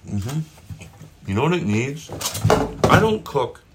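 A man's voice: mid-range voice, big pitch swings, slow pace, very noisy. A middle-aged man, a comedian, chatting casually and rambling while he cooks and eats at home, recorded on a propped-up phone. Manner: rambling, self-interrupting, with mild swearing. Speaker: comedian hosting his own show. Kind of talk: casual chat while cooking and eating. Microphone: phone propped up nearby.

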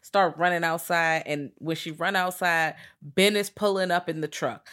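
A woman co-hosting a podcast, retelling a movie scene by scene in a casual, profane, animated way. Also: fairly low pitch, normal speed. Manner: animated, profane storytelling with voiced quotes. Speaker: podcast co-host. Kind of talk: casual chat recapping a movie.

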